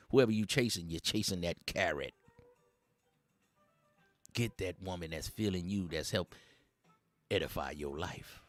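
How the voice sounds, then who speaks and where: A man with a low voice and a darkish tone hosts a satirical dating-advice monologue. He rambles like a preacher in streetwise slang, chuckling between his points.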